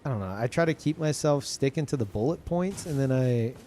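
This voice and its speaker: Male streamer, loose and profane, rambling casual chat, pitch swings around a lot. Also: animated, brisk, warm tone, slight background noise. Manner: rambling, swearing, restarts sentences often. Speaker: livestreamer. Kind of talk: casual chat to a live audience.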